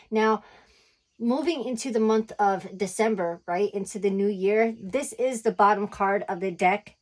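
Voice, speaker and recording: A woman's voice: medium pitch, a little mellow. Chatty woman giving a tarot reading. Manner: chatty, reassuring, frequent "right?" and "okay?". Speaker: tarot reader.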